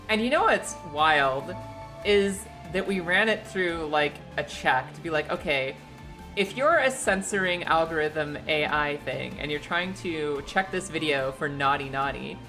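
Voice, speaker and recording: Young woman, livestream chat, bright voice, lowish pitch, slightly echoey, faint music behind. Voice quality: a little echoey today. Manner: chatty and animated, laughs often, jumps to high excited squeals. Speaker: streamer. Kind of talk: casual chat. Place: living room at home. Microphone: streaming setup.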